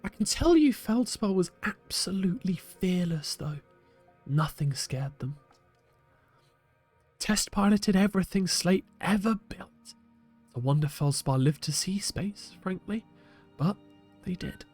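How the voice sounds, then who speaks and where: A man voicing a male alien museum curator in a video game, speaking in a slow hillbilly drawl that turns whispery. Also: high-pitched, lively intonation, faint music behind. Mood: wistful.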